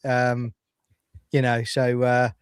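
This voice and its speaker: A man's voice: mid-range voice, completely flat delivery, slow, clean tone, dry recording, studio quality. A man co-hosting a casual pub chat, bantering in a jokey, exasperated way. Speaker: co-host.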